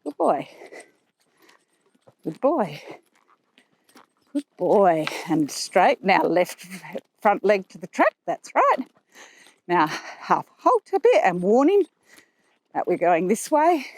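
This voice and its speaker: A woman horse trainer explaining her riding aids as she rides, calm and explanatory, with soft praise for the horse in between. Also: medium pitch, slow pace, pauses often, dry recording. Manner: talking while riding a horse. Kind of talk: instructional commentary while riding. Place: riding arena.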